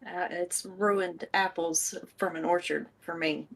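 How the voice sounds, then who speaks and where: A woman's voice: fairly low pitch, fairly even intonation, gravelly, a bit bright, a little hiss or hum. A woman co-hosting a live stream, chatting casually and playfully. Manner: playful, quick to laugh along. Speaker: co-host.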